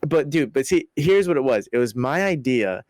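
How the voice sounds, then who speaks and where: A young man co-hosting a podcast, telling a story in casual, animated, profane chat full of "bro" and "like". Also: medium pitch, moderate pace, no room sound, clean studio sound. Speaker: podcast co-host.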